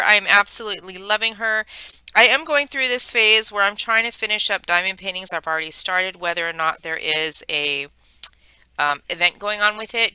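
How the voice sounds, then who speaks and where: A middle-aged woman chatting casually at home as a crafting vlogger, rambling and filling pauses with ums. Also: mid-range voice, pushed and bright, clean tone, no echo, rough recording. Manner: chatty and rambling, many fillers. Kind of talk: casual chat.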